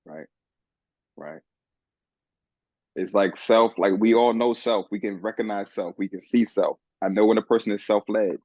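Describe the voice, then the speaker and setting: A man guesting on a podcast, telling a personal story in an earnest, animated way with many restarts. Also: on the low side, normal speed, long pauses, no echo. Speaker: guest, men's coach. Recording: dull, dry lo-fi sound.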